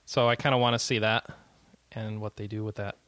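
A man's voice: lowish voice, level tone, fairly quick, a bit bright, dry recording. A man co-hosting a podcast, chatting casually through game news with frequent fillers and easy laughter. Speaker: podcast co-host.

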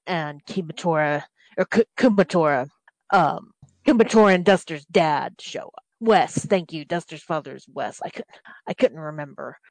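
Woman, casual podcast chat, rambling with restarts, dry close sound, slightly low voice. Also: no room sound, low-quality recording. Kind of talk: casual game plot recap.

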